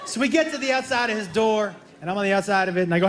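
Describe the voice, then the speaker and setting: A man telling a stand-up story on stage, acting out both sides of a conversation and dropping his voice low for the other person. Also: lively intonation, very fast, a bit bright. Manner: acts out dialogue, drops voice low for his son. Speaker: stand-up comedian. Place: comedy stage before a live audience. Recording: echoey club with crowd laughter. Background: audience laughter.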